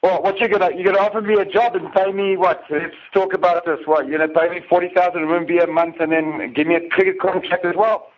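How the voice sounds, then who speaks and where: A man's voice: high voice, fairly even intonation, fast talker, hardly any pauses. Crude, swearing man on a lo-fi line. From South Africa. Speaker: caller on a phone link. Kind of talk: casual chat. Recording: dull lo-fi phone-call audio.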